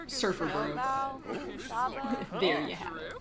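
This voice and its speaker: A woman's voice: deep voice, lively intonation, unhurried. A woman giving casual let's-play commentary, chatty and laughing often, with casual swearing. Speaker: gameplay streamer. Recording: game music and sim chatter loud behind. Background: game music and crowd chatter.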